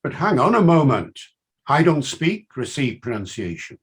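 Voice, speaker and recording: Speaking at a moderate pace in a slightly rough voice, an older lecturer with a blend of Welsh and Liverpool accents teaches a university class, his emphasis enthusiastic and his pitch swinging lively.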